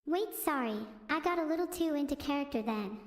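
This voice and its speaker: A synthetic female voice streaming casual stand-up style chat, with flat text-to-speech delivery and self-absorbed jokes. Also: high voice, a little fast, roomy sound, in a large hall.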